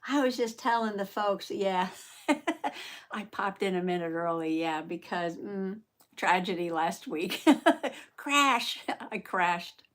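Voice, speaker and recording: An older woman from Southern Indiana hosts a relaxed live art stream. She talks slowly and easily, greeting each viewer by name and laughing often. Her voice sits in an ordinary middle range for a woman. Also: medium pitch. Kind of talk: casual live-stream chat.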